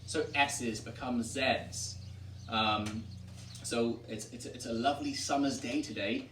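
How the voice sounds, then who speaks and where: An Englishman from Wiltshire talks through old rural dialects in a relaxed teaching chat, stopping now and then to act out a sample line. The mic sits a fair way off, so his voice carries the echo of the room. A faint hum of ambience stays behind him. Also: medium pitch, slow pace, far from the mic. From Wiltshire, England. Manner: explains and demonstrates accents with lively put-on examples. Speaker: historic site director. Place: historic tavern room.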